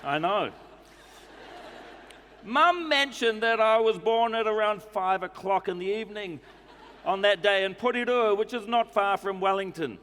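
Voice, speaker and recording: A prim New Zealand man, put on by a male comedian reads a formal complaint letter with fussy precision. The voice sits high, well above the comedian's own. It rings out through a reverberant hall, with faint ambience underneath. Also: unhurried, fairly bright tone, slight background noise. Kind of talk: stand-up comedy reading. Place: comedy club stage.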